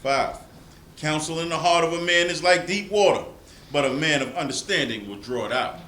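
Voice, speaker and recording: A man reading scripture verses aloud in a steady, plain way. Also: a little high, moderate pace, reverberant, slight background noise, rough recording. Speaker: scripture reader.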